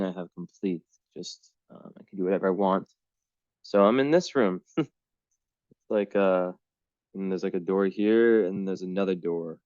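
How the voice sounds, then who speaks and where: A man's voice: deep voice, darkish tone, no room sound. A man from the US giving a casual astrology reading to a client, rambling with lots of "like" and "um", in a small downstairs room. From United States. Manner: rambling, full of "like" and "um". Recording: dull, dry home recording.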